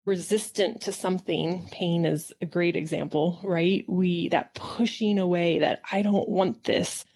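Gravelly low-voiced woman talking. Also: fairly even intonation, a little slow. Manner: warm, reflective, laughs often. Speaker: acupuncturist. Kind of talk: casual conversation.

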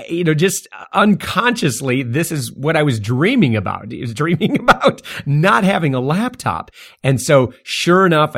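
Sitting in the middle range, this man's voice belongs to a podcast host spinning a casual, animated tale. He laughs frequently, and his pitch jumps when excitement hits.

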